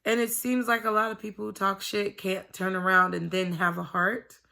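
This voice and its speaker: A woman's voice: mid-range voice, flat delivery, moderate pace, creaky, bright, forceful tone. A woman vlogging to camera from home, talking in a candid, rambling way and swearing freely. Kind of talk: casual confessional chat to camera.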